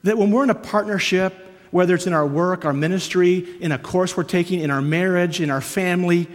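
A man from Canada preaching a sermon, earnest and storytelling, moving between hushed and emphatic. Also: high-pitched, a little fast. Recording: long hall reverb.

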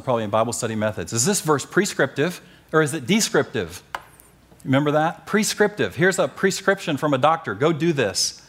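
A middle-aged man preaching and teaching from the Bible, animated and joking, pushing key phrases up with emphasis. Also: medium pitch. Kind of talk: sermon-style Bible teaching.

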